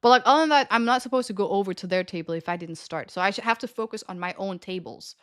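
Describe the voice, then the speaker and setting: A woman's voice: medium pitch, fast talker, smooth, no echo, clean studio sound. A young woman live streamer casually telling a story to her chat, laughing often and swearing freely.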